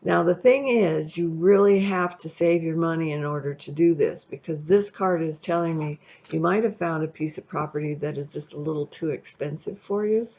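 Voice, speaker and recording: A woman's voice: sits low, moderate pace, a little mellow. A woman giving a casual, chatty tarot reading, rambling a little and often checking in with the listener. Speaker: tarot reader. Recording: dull lo-fi recording.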